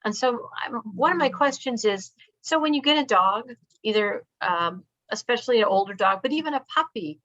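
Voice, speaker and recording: A woman's voice: medium pitch, sharp tone. A woman hosting an interview, asking a question in a thoughtful, searching way. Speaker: podcast host. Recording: dull lo-fi audio.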